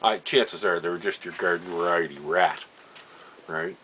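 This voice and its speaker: With a low, husky, fairly bright voice at a moderate pace, an older Nova Scotian man casually recounts family stories. He laughs a lot, adds chuckling asides, and trails off to repeat himself. The recording is rough.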